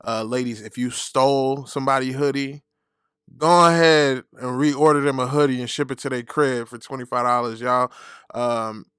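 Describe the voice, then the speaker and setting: Young male podcast host, profane animated delivery, middle pitch, dry close sound. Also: clean tone, no echo. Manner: profane, animated storytelling with laughs. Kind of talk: casual solo podcast rant.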